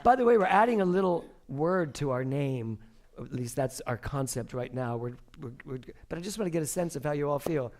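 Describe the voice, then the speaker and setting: A man's voice: on the high side, lively intonation, brisk, darkish tone. A man leading a church service as spiritual director, talking casually from the pulpit in a chatty, playful way and laughing often. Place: church sanctuary.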